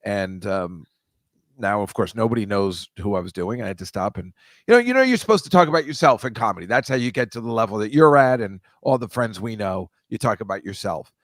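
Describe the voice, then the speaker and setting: A man's voice: on the low side, lively intonation, a little fast, no room sound, studio quality. Rambling older New man. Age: over 65. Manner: rambling, self-deprecating, laughs at own stories. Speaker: podcast co-host. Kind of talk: casual chat.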